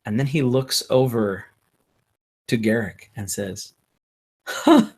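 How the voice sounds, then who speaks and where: A man narrating a tabletop game as game master, in slow, halting narration with fillers. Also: mid-range voice, gravelly, darkish tone, husky.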